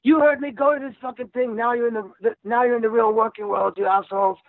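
A man's voice: very high-pitched, fairly even intonation, fast, dry recording, pitched above the performer's own voice. A man voicing a bullying, cursing male dispatcher boss in a mock Australian accent, barking orders. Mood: berating. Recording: tinny phone line.

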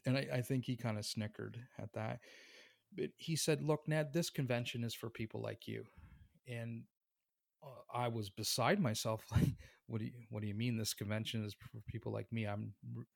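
A man with a gravelly voice at a medium pitch, telling a story in an animated way. He often slips into voicing the other people in the story and laughs as he goes. The sound is dry and close, with no room around it. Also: no room sound. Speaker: tattoo artist and guest. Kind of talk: casual storytelling.

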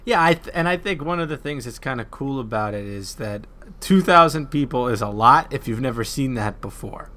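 A man's voice: mid-range voice, animated, brisk, hardly any pauses, bright, forceful tone. A man hosting and editing a podcast, chatting casually in an easygoing, joking way. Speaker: podcast host and editor.

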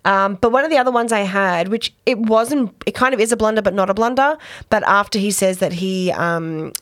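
A chatty, giggly woman recapping a TV episode with her co-host in a relaxed podcast chat. Her voice sits at an ordinary middle pitch for a woman, recorded close on a podcast mic in a dry, deadened room. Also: a little fast, no room sound. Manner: chatty, giggly, with frequent fillers.

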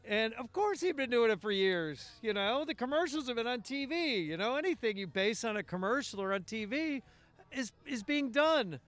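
A man's voice: very high voice, lively intonation, moderate pace, fairly bright tone. A man, a comedian guest on a podcast, telling anecdotes in casual chat with self-deprecating laughs.

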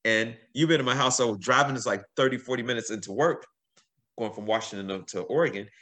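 A middle-aged man, a guest on a podcast, telling stories in a casual, animated way, swearing freely and acting out what people said. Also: medium pitch, quick pace. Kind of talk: casual storytelling.

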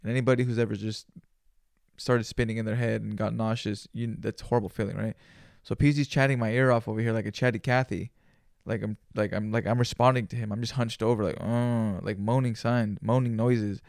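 A young man talks on his own podcast in a relaxed, rambling way, heavy on slang and swearing. His voice has a gravelly edge, and it sits close and dry on the mic. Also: fairly low pitch, brisk, no room sound. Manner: loose and profane, laid-back slang. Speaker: podcast host. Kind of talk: solo casual storytelling.

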